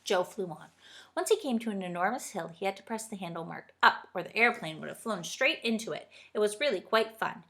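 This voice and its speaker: A woman reading a children's storybook aloud in a steady, gentle storytelling way. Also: medium pitch, fairly quick. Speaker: reader.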